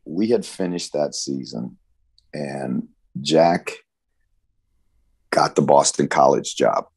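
Older coach in his sixties, very low gravelly voice, tells long stories with restarts. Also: slow. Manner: animated anecdotal storytelling with frequent restarts. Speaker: football coach. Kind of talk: storytelling interview answer.

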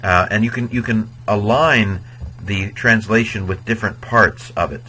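A man's voice: fairly low pitch, measured pace, pushed and bright, a little hiss or hum, low-quality recording. A man teaching Latin grammar in an informal video lecture, chatty and digressive, sometimes chanting verb endings in a sing-song rhythm. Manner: chatty and digressive, with many fillers.

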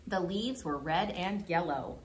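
Animated woman reading to children. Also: on the low side, unhurried. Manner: animated and expressive. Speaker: children's librarian. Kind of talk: remote children's storytime.

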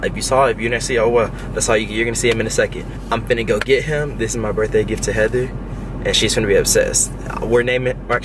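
Young man, low voice, casual slangy vlogger; the mic sits far off, with clear street and car noise behind him. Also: fairly even intonation, fast talker. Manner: casual slangy, says y'all and finna a lot. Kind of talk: casual vlog talk to camera. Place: in a car and outdoors.

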